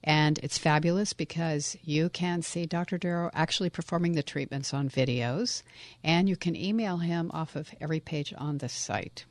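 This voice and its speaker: A woman's voice: sits low, moderate pace, dry recording. A woman co-hosting a talk radio show, bantering and laughing along with the host.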